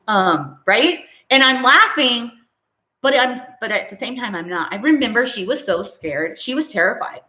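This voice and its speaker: A woman medium talks to her live-stream audience in an animated, preachy way, often checking in with a quick "right?". Her voice sits in a middle range. The recording carries a clear echo from the room around her. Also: medium pitch. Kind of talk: live-stream chat answering viewer comments.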